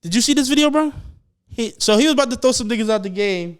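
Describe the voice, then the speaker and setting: A young man hosts a laid-back podcast, his voice pitched high and notably smooth. He tells stories in an animated, profane way, full of slang and asides to the listener. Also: fast talker. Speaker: podcast host. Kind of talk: casual podcast chat.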